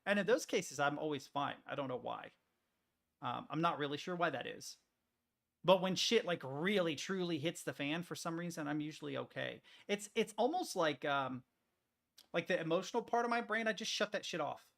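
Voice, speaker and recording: Gravelly, swearing streamer man. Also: a little high, animated, moderate pace, fairly bright tone. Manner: swears freely, rambling with many restarts. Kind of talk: casual rambling chat while working on stream.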